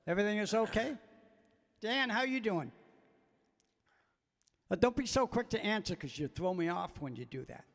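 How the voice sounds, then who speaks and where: A man's voice: sits high, lively intonation, vocal fry, a bit bright, big-room sound. A man hosting a live country show outdoors, chatting and joking between songs on a stage microphone. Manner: chatty, joking, quick to laugh. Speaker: bandleader and host. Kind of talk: casual banter between songs.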